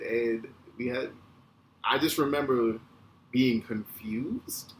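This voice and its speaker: A man in his thirties hosting a podcast, telling a casual, animated, profane story. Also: mid-range voice, slow pace. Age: 30s. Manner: animated, profane, acts out quotes. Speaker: podcast host. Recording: echoey room with faint ambient noise.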